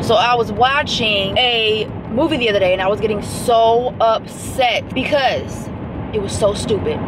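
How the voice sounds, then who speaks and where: A woman's voice: on the high side, animated, brisk. A young woman chatting casually to her vlog camera, sassy and talkative, talking back at other drivers. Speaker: vlogger. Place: in a car while driving, then at home. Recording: noisy car recording with wind.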